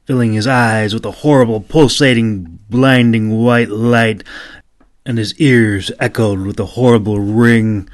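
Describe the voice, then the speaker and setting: Slow, low-voiced male audiobook narrator. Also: no echo, studio quality. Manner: slow, measured reading. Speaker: author narrating his own novel.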